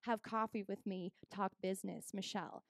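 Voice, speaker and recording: A woman's voice: medium pitch, normal speed, no room sound, studio quality. A young woman from Canada doing a stand-up comedy set, telling stories and acting out both sides of each conversation. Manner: animated storytelling, acts out both sides of conversations.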